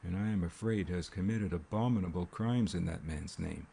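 A man voicing a small, kindly, fussy investigator who asks precise, gentle questions. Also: sits low, normal speed, vocal fry, a little hiss or hum. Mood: questioning.

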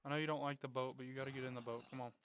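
A young man giving casual gameplay commentary, coaxing and pleading with his in-game pet, then bursting into excited yells. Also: medium pitch, rapid-fire, slight background noise. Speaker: gaming YouTuber.

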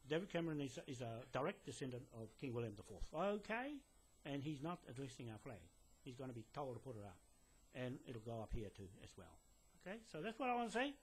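Indoors in a building, a land claimant speaks to camera to a police detective. His mid-range voice is sing-song, fast, and breathy-edged. He lectures insistently, rambling with lots of fillers and restarts.

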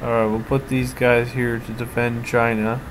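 Casual let's-play commentator, male, mid-pitched, hesitant think-aloud delivery, noisy home recording. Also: level tone, moderate pace. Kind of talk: casual strategy game commentary. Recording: audible background noise.

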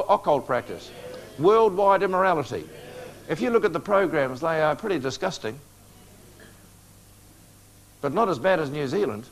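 A man preaching a prophecy lecture to a live audience, coaxing responses with questions and joking asides. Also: fairly high pitch.

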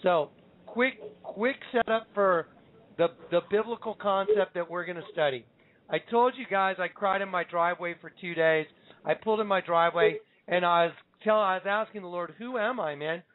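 Over phone-line audio, a high-pitched man hosts a call-in show and teaches the Bible at a moderate pace. He's an emphatic storyteller who acts out the quotes he reads.

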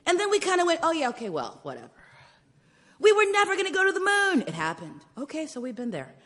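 A woman in her forties preaches through a personal story. Her high voice leaps and dips, and she drops to whispers before bursting out loud. The sound rings with a long church reverb. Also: fast. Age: 40s. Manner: animated, swings from hushed whispers to loud exclaiming. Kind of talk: storytelling sermon. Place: church sanctuary.

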